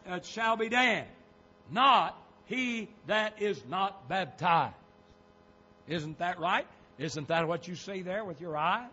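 A pastor preaches in a high, bright voice, taking his time over each point. His delivery turns emphatic and rises on the scripture he quotes. The recording has a dull, lo-fi sound. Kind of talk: sermon.

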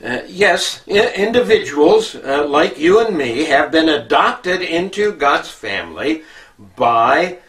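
A man preaching a Bible teaching sermon, slow and halting with many filler sounds. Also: fairly high pitch, very animated, a bit bright, recorded from a distance.

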